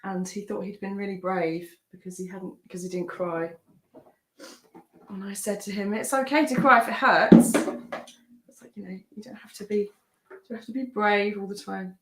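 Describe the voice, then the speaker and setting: A British singer-songwriter chatting between songs on a live stream from her room at home, rambling and relaxed with lots of ums. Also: mid-range voice, moderate pace, slight background noise. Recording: roomy sound with guitar behind. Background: acoustic guitar.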